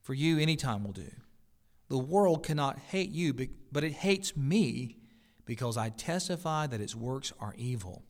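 A man reading the words of Jesus aloud as a calm, firm teacher, solemn and deliberate. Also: medium pitch, natural voice.

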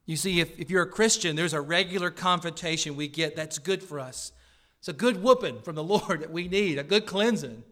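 A male pastor preaching a sermon at a church service, swinging between loud, emphatic declarations and quiet, earnest pleas. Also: on the high side, brisk, few pauses.

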